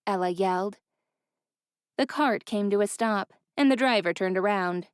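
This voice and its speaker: A woman's voice: mid-range voice, measured pace, smooth, no echo. Woman narrating a romance audiobook, dry. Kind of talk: scripted narration.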